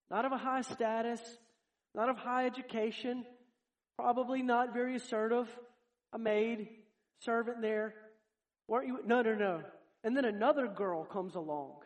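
High-voiced earnest male preacher. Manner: earnest, speaks directly to the congregation. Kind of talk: sermon.

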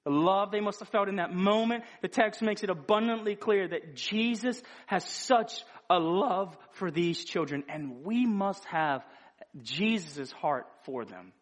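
A man delivers a sermon in a high, light voice. He speaks earnestly and conversationally, often stopping to restart a phrase before pressing his point. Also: lively intonation, measured pace. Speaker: preacher.

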